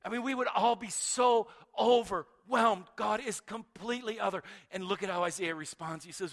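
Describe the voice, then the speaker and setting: A man preaching a sermon, swinging from loud urgent calls to hushed near-whispers and often repeating words. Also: high-pitched, moderate pace, hardly any pauses. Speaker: pastor.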